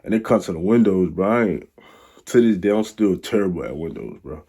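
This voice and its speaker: A man's voice: sits low, lively intonation, brisk, dark tone, husky. A young man telling a rambling, slang-filled story in a casual storytime vlog. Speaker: vlogger.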